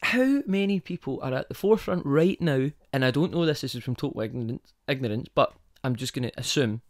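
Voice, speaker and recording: Hosting a podcast solo, this man talks in a casual, rambling monologue, drifting onto tangents and tossing rhetorical questions at listeners. His medium-pitched voice is animated and brisk, recorded dry with clean studio sound.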